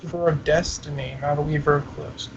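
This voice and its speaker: A man playing a tabletop game, casual and joking in his quick reactions. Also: fairly high pitch, fairly even intonation, dull audio, over a noisy crowd. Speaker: player.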